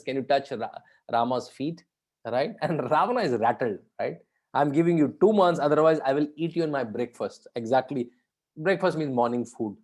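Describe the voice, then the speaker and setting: A man leading an online session for students, talking conversationally, asking the audience questions and often adding "right?". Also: a little high. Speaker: guest speaker leading a session. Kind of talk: interactive talk to students.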